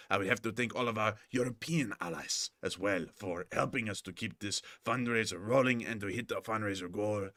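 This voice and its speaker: A man's voice: lowish voice, sharp tone, no echo. A man hosting a livestream war news show, talking in a chatty, explanatory way with many fillers. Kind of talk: livestream commentary.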